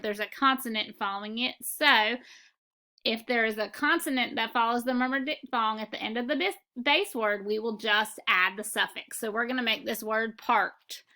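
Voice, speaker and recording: A woman teaching a phonics lesson, speaking slowly and deliberately as she walks through spelling rules. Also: a little high, sharp tone. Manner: slow, deliberate and instructive.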